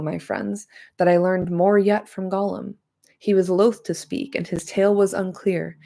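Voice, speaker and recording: A woman's voice: on the low side, dark tone, lightly acted. Woman reading as a grave old wizard. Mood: warning. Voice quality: nasal. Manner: slow, solemn, measured reading.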